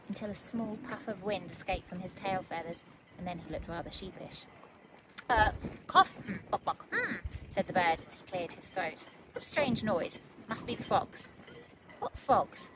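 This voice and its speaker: A woman author reading her children's book aloud in a gentle, measured storytelling manner. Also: medium pitch, background noise.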